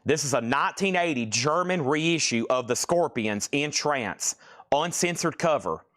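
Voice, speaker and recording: A man's voice: on the high side, animated, unhurried, fairly bright tone. A man hosting a live-streamed record sale, calling out bids and repeating item names in a casual, rambling way. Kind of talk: live-stream auction selling.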